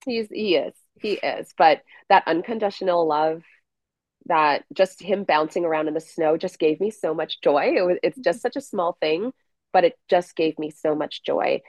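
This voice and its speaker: A woman's voice: on the low side, a little mellow, dry recording. Woman telling a hard personal story. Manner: halting, with restarts and trailing pauses. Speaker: podcast guest.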